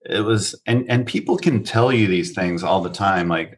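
A man speaking reflectively in casual conversation, pausing to search for his words. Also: low-pitched, a little hiss or hum. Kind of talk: casual podcast chat.

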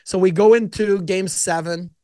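Middle-aged guy with a high voice, animated storyteller, dry close sound. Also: moderate pace, dry recording. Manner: animated storyteller who acts out his own quotes. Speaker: podcast guest. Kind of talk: casual storytelling interview.

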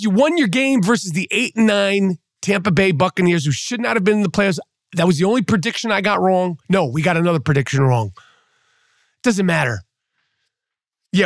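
Gravelly man ranting profanely. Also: sits high, no room sound, clean studio sound. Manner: profane, mocking, trash-talking. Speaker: podcast host. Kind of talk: sports rant.

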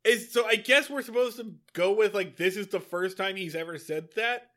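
A man's voice: high voice, moderate pace, sharp tone. A man co-hosting a podcast, recapping a TV episode in casual, sardonic chat and swearing freely. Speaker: podcast co-host.

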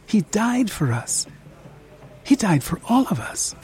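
A narrator voicing a devout young woman who speaks in a soft, near-whispered, tearful voice. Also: medium pitch, sing-song, slow, soft background music. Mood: grieving.

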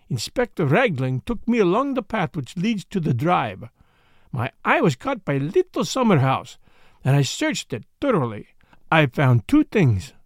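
Audiobook role: a pompous, solemn male detective, put on by a man reading, lively and sing-song, in a dry booth. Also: sits high, dry recording, exaggerated voice. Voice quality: pompous, deliberate. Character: grave self-assured male Belgian detective, middle-aged.

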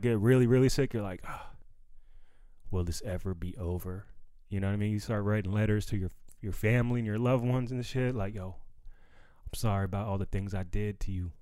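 Recorded with no room sound, a young comedian whose voice is mid-range and clean hosts a solo podcast while recovering from bronchitis. He chats casually and loosely, using slangy street talk, plenty of fillers and lots of "you know what I mean."

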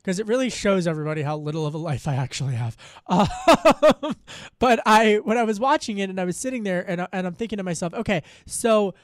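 A man's voice: high voice, lively intonation, a little fast, dry recording, studio quality. A man anchoring a live news segment, chatty and self-deprecating, with many restarts.

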